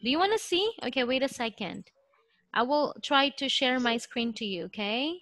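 A woman's voice: sits high, animated, normal speed, fairly bright tone, no room sound. A woman with a Filipino accent teaches an online lesson over a video call. She is patient and thinks aloud, with many okays. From Philippines.

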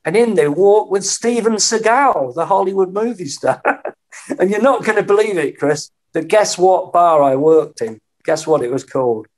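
A middle-aged man, a podcast guest telling lively anecdotes in casual conversation and acting out the voices he quotes. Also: high-pitched, moderate pace. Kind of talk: storytelling in a casual interview.

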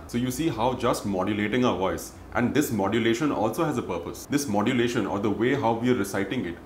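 A man giving a spoken music lesson, explaining and chanting rhythm syllables and counts in a steady recitation. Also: lowish voice, fast, hardly any pauses. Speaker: music teacher. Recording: roomy echo, faint noise.

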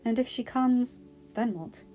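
A woman's voice: on the high side, a little slow, mellow, pitched above the performer's own voice, natural voice. A woman voicing a young, earnest prince who is sheepish about being in love. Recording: dull lo-fi recording, faint music.

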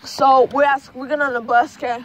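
High bright-voiced rambling woman vlogger. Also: little pitch movement, a little fast, slight background noise. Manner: rambling, profane, ends phrases with "okay?". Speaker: student vlogger. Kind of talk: rambling storytime vlog. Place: outdoors at dusk.

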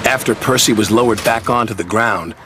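A man narrating a children's train story in an animated storybook reading. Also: on the low side, brisk, a little hiss or hum. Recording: music playing behind.

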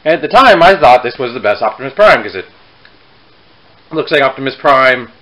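A man's voice: medium pitch, sing-song, brisk, bright, forceful tone, low-quality recording. A young man casually reviewing a toy on his vlog, rambling and correcting himself mid-sentence with chatty asides.

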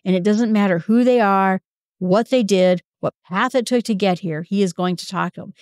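A woman's voice: mid-range voice, normal speed, darkish tone, no room sound, studio quality. A woman giving a casual Bible lesson in a conversational way, retelling scenes in everyday speech. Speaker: Bible teacher.

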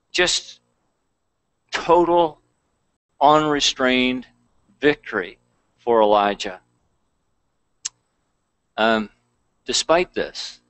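A man's voice: mid-range voice, fairly bright tone, no room sound, poor audio. A man pastor preaching a conversational sermon, reading scripture aloud between plain asides.

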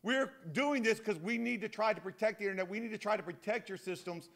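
High-pitched, gravelly joking keynote speaker. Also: male voice, quick pace. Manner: animated, joking, self-deprecating. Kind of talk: conference keynote talk.

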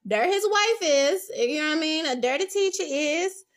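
A woman's voice: high voice, normal speed. A woman giving a casual tarot reading, blunt and profane, acting out little scenes as she talks. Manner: blunt, profane, animated storytelling with acted-out quotes. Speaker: tarot reader.

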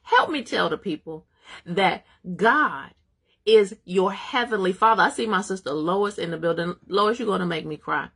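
A woman's voice: medium pitch, animated, moderate pace, fairly bright tone, breathy edge. A woman teaching a live-streamed Bible study, exhorting her viewers, calling out to them by name, speaking.

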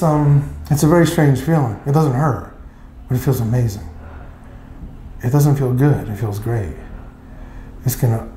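A man's voice: mid-range voice, warm tone, roomy sound, a little hiss or hum. A man from New Jersey and New York, a chiropractor reassuring and coaching a patient through treatment in a clinic. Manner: reassuring, coaching, repeats short cues.

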